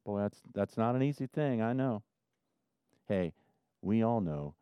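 A man preaching a sermon as pastor, swinging from loud emphasis to quiet asides. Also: on the low side, animated, unhurried, clear, resonant tone, no echo.

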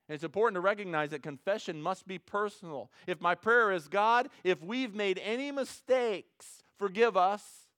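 A man preaching a sermon as pastor, acting out prayers and little dialogues, swinging from loud to hushed. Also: high voice, clean tone, no echo, clean studio sound. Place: church sanctuary with congregation.

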